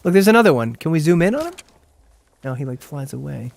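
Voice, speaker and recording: A fast-talking streamer with a slightly high, sing-song voice that's gravelly and a bit dark in tone. He rambles chattily while playing live, saying "like" over and over.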